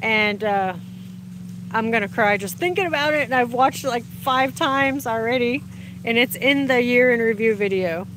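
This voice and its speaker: A woman chats with her livestream audience over her phone, standing outdoors in the sun and reading their comments aloud. Her voice is a little high and her pace moderate, with slight background noise. The talk is casual and chatty, full of warm greetings and frequent laughter.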